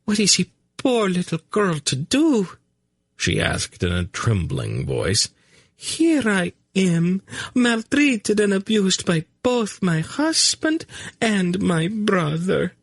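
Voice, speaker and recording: A man's voice: fairly high pitch, big pitch swings, measured pace, gravelly, husky, dry recording, studio quality, voice pushed up, heavily acted. A man voicing a prim, teasing young noblewoman. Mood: coy arch.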